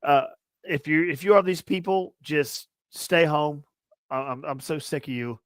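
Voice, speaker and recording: A young man co-hosting a casual sports podcast, ranting loudly and profanely with a lot of repetition. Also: a little high, a little slow, clear, resonant tone, dry recording. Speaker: podcast co-host.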